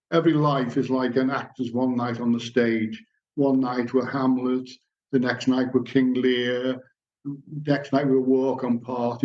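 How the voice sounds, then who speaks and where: A man's voice: medium pitch, darkish tone. A middle-aged man giving a lecture, telling anecdotes and reading passages aloud. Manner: storytelling, reads passages aloud. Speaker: lecturer at a society lodge. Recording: dull lo-fi recording.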